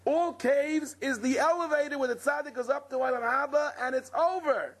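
A man's voice: extremely high pitch, moderate pace, few pauses, a bit bright. A man, a rabbi giving a Torah lecture, who tells stories dramatically and acts out the people he quotes. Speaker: rabbi teaching a Torah class.

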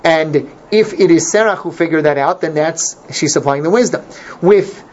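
A man teaching an informal Torah class, animated and repeating his points for emphasis. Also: a little high, normal speed. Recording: dull lo-fi recording, faint noise.

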